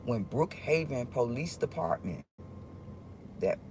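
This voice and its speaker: A man speaks straight to his viewers on a livestream, his voice sitting at an ordinary middle pitch. He rambles and stops often, restarting his sentences as he goes, in an earnest, confiding tone. A faint ambient hum stays in the background. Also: big pitch swings, darkish tone. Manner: rambling, halting, with many restarts. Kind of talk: casual livestream monologue.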